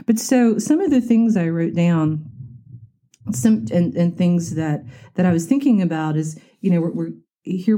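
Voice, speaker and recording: Dark-voiced woman, candid podcast talk. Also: lowish voice. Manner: reflective and openly confiding. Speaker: life coach and podcast host.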